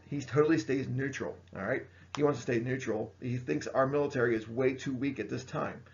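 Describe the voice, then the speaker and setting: A man with a low, gravelly voice lectures his high school history class. His delivery is casual and loose, dotted with fillers and constant "all right?" checks. The recording sounds muffled and lo-fi. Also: brisk, few pauses.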